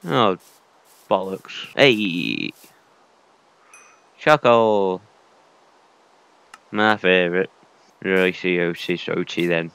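Slow, gravelly gamer muttering. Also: male voice, deep voice, expressive, fairly bright tone. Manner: chatty, mutters to himself, mild swearing. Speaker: gaming video creator. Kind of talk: casual let's-play commentary.

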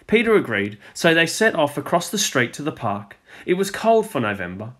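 A male teacher reading a children's storybook aloud with expressive storytelling, dropping his voice on the speech tags. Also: fairly high pitch, normal speed, few pauses.

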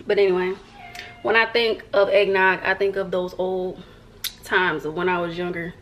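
A woman's voice: mid-range voice, animated, moderate pace, gravelly, fairly bright tone, lo-fi sound, a little hiss or hum. A young woman from the American South, chatting playfully to the camera as a vlogger at home and talking to her viewers like friends. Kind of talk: casual chat to camera.

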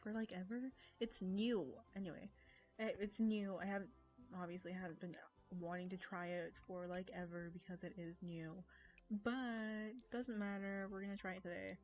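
An American woman chatting casually while live streaming a game, giggly, rambling and quick to poke fun at herself. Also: medium pitch, steady tone. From United States. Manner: giggly, rambling, self-mocking. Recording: dull lo-fi stream audio with faint music.

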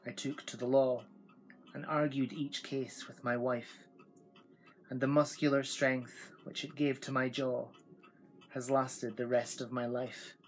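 A man's voice: mid-range voice, level tone, measured pace, lightly acted, poor audio. A man playing a boastful old father. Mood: gruff.

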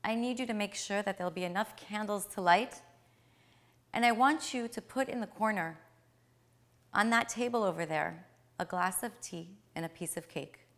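A woman voicing a kindly elderly male Kabbalist sage, speaking gently and earnestly. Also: medium pitch, normal speed, natural voice. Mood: tender.

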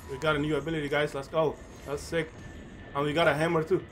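Gamer host: man, rapid and slightly high, excitable, repeats himself. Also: background noise. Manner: excited, stumbles and repeats words. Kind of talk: casual gameplay commentary.

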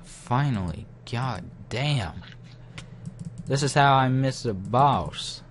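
A man's voice: medium pitch, lively intonation, takes it slowly, background noise. A young man muttering to himself as he comments casually on his game, getting easily frustrated. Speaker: gaming channel host.

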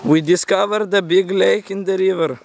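High-voiced man teasing on an outdoor vlog. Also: steady tone, normal speed, gravelly, a little hiss or hum. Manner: teasing, mock-dramatic, talking to viewers. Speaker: vlogger. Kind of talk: playful outdoor vlog commentary. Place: outdoors in a forest by a river.

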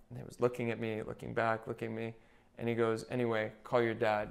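A man's voice: medium pitch, brisk, vocal fry. A young man, a podcast guest who works as a nurse anesthetist, telling stories in casual chat and acting out what others said. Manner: animated storyteller who quotes what others said.

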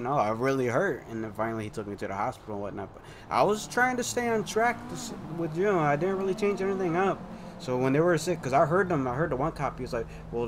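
Mid-pitched guy rambling through his side of the rp story, lots of restarts, noticeable noise behind him. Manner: rambling, restarts often, quotes others as he tells it. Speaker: gamer recounting a roleplay session. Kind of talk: casual chat.

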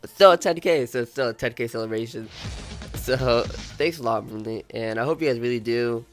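A young man's gameplay commentary, stuffy from being sick, loose and chatty, breaking into loud cursing when a race goes wrong. Faint music plays underneath his voice. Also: medium pitch, brisk. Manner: swearing, animated outbursts at the game. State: sick, congested. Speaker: gaming YouTuber. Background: faint background music.

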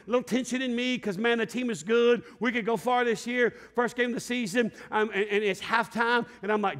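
A middle-aged man preaching a sermon, telling a story with lively shouts and laughter. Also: extremely high pitch, fairly quick, hardly any pauses. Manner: animated storyteller, acts out scenes with shouts and laughter. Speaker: pastor. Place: large church sanctuary. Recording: long hall reverb.

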